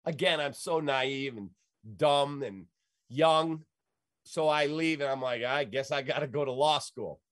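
A middle-aged Chicago-area man with a mid-range voice tells a story at a moderate pace, chatting casually and lively as he acts out the voices of the people in it. The recording is dry and studio-clean.

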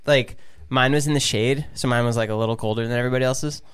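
A man's voice: mid-range voice, steady tone, fast, smooth. A man co-hosting a podcast in casual chat, teasing and joking with his friend. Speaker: podcast co-host.

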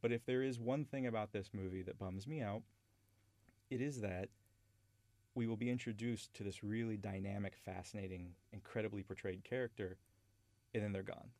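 A man's voice: fairly low pitch, fairly even intonation, normal speed, a little mellow, no room sound. A man hosting a podcast, talking through a film he loves in a rambling, enthusiastic way with many restarts. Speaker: podcast host. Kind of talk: casual film discussion.

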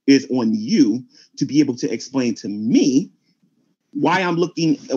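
A man's voice: medium pitch, a little mellow, dull audio. A man arguing as a Christian in a heated online debate, preachy and talking over others.

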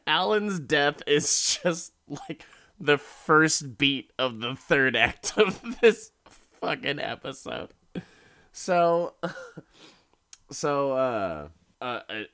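A man's voice: mid-range voice, slow pace, clean tone. A young man casually recapping a horror episode, swearing freely and laughing as he retells it. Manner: profane, animated, laughs while retelling.

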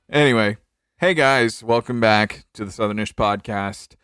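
A man's voice: fairly low pitch, slow pace, a bit bright, clean tone, no room sound, clean studio sound, faint music behind. A young man from North Carolina hosting a casual podcast, joking, laughing often and trailing off in restarts. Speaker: podcast host. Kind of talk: casual chat.

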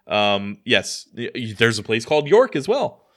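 A man's voice: medium pitch, big pitch swings, moderate pace. An American man co-hosting a podcast, chatting casually in a rambling, self-deprecating way with lots of restarts. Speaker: podcast co-host. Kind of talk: casual chat.

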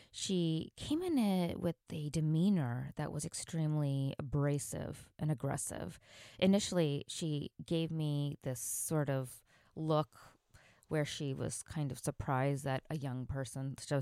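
A woman hosting a podcast and telling a personal work story in an earnest, reflective way, sometimes adding sound words like "boom, boom". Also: creaky, a little mellow, no room sound, studio quality. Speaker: podcast host. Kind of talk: storytelling monologue.

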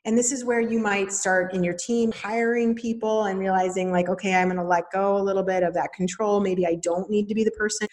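A woman's voice: mid-range voice, steady tone, a little fast, few pauses, a little mellow. A woman in her thirties hosting a podcast, talking casually and animatedly, acting out little quoted voices as she explains. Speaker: podcast host. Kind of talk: casual teaching monologue.

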